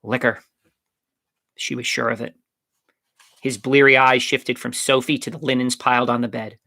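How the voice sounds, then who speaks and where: A man reads a chapter book aloud with expressive storytelling. His voice is bright with a gravelly edge, recorded close in a dry space. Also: medium pitch, normal speed, long pauses, dry recording. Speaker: narrator. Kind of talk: audiobook reading.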